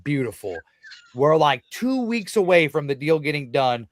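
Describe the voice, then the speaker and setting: Male guest in his 30s, animated and profane, slightly high voice, dry close studio sound. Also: moderate pace, dry recording. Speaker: professional wrestler guest. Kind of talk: podcast interview, casual profane storytelling.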